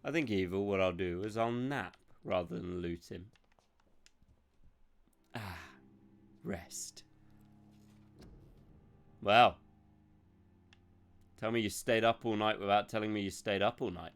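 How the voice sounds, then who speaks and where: Male streamer, smooth low-leaning voice, rambling, sweary, joking. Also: unhurried, long pauses. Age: adult. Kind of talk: live gameplay commentary.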